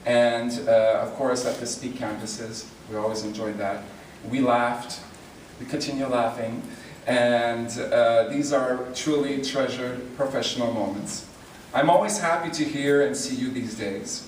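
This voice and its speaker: Man co-presenting an award, relaxed and encouraging, heard from far off in a reverberant hall. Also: medium pitch, measured pace, few pauses, slight background noise. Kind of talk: reading a tribute speech. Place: large convention hall. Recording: echoey hall, distant mic.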